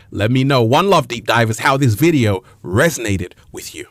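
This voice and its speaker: A man's voice: medium pitch, lively intonation, normal speed, hardly any pauses, no room sound, clean studio sound. A man who is a motivational speaker, closing a video with playful plugs and sign-offs. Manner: playful, swings from loud to whispers. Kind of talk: video outro with promos.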